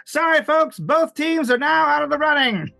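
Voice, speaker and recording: A man's voice: extremely high pitch, normal speed, vocal fry, bright, forceful tone, no echo, pitched above the performer's own voice, full character voice. A man voicing a fussy, blustery old one-eyed tavern bookkeeper in a tabletop game.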